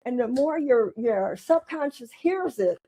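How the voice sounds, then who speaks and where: A woman's voice: high-pitched, expressive, unhurried, mellow, slightly rough. A woman in her eighties, a happiness coach guesting on a talk show, speaking in an encouraging, coaching way. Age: 80s. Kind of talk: casual chat.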